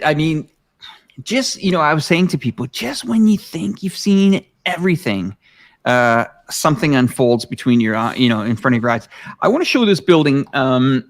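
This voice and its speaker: A man's voice: fairly high pitch, no echo, studio quality. A man hosting a live stream, rambling with many fillers and enthusiasm in casual chat. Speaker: live stream host showing aerial footage.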